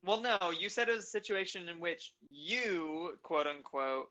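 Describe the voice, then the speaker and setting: A woman from Los Angeles chatting casually on a video call, animated and theatrical. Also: on the low side, moderate pace, rough recording. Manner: animated, theatrical, laughs often. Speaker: stream co-host.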